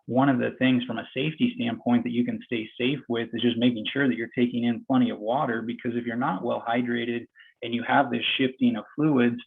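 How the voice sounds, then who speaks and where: Man, physical therapist, gravelly, husky voice, slightly winded, tinny video call audio. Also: medium pitch, steady tone, a little fast. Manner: talks while exercising, plain and encouraging. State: out of breath. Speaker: physical therapist demonstrating exercise. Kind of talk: instructive explanation during a live demo.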